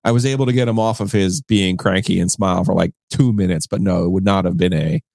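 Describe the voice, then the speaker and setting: A man co-hosting a sports podcast, telling a story in relaxed casual chat. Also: low-pitched, fast talker, gravelly, no room sound, studio quality. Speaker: podcast co-host.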